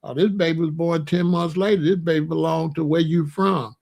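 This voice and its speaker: Joking man with a high-set voice. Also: fairly even intonation, fairly quick, creaky, darkish tone. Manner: loose, joking and rambling, laughs at own jokes. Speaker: host. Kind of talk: casual monologue commentary.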